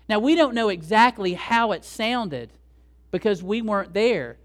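A man's voice: high-pitched, lively intonation, moderate pace. A male pastor preaching a sermon conversationally, often asking rhetorical questions.

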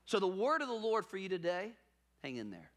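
A man's voice: sits high, wildly swooping pitch, brisk, a bit bright. A man preaching a sermon as pastor, telling a story with emphatic repetition.

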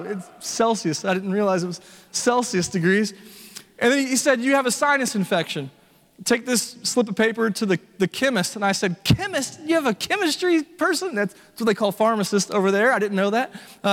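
A man's voice: high-pitched, in a large hall. A man preaching a sermon as pastor, telling stories with casual asides to his congregation. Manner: animated storytelling, conversational asides to congregation.

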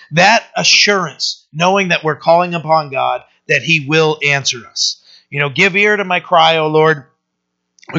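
A man preaching a loose, conversational sermon, with a high, bright and sharp voice. He rambles, restarts his sentences and keeps checking in with his listeners. The recording is dull and lo-fi. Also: normal speed. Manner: conversational, rambling, frequent "right?" asides and restarts. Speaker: pastor. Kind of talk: informal Bible-study sermon.

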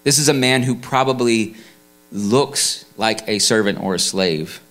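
A man's voice: fairly low pitch, unhurried, a bit bright. A man preaching a sermon in a conversational way, full of restarts and fillers. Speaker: pastor.

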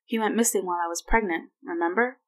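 A woman voicing a tired, tender adult mother who speaks softly and gently. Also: mid-range voice, fast talker, lightly acted. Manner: soft and gentle.

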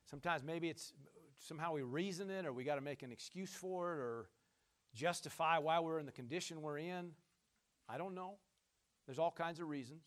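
A man preaching a sermon in a folksy, conversational way, calling to his listeners and swinging from shouts down to quiet asides. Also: moderate pace. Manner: emphatic call-and-response preaching, shouting at peaks, then dropping low.

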